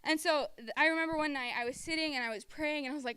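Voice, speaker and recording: A woman's voice: high-pitched, fast, pushed and bright, no echo. A young woman giving a church testimony about her time as a camp counselor, in a chatty storytelling style full of "like" and acted-out quotes. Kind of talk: personal testimony talk at church.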